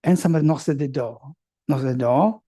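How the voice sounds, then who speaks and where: A man's voice: a little high, fast talker, mellow. A man giving a Buddhist teaching to a retreat group, playfully telling stories and acting out the dialogue as he checks that listeners follow. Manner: playful storyteller who acts out everyday dialogue; repeats points and checks understanding with the audience.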